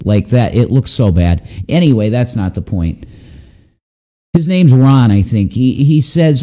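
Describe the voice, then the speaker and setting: A man's voice: medium pitch, lively intonation, measured pace, mellow. A man hosting a commentary show, ranting bluntly with frequent swearing and incredulous outbursts.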